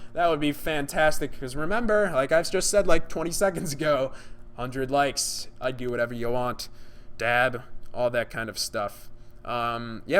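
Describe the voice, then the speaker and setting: A young man commenting on a game trailer during a live stream, reacting with excitement and talking to his chat viewers. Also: fairly high pitch, clean tone.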